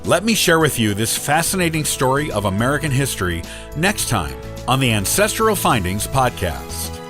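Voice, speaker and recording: A man hosting a podcast, reading a scripted history narration in a measured, steady way. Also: medium pitch, over music. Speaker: podcast host.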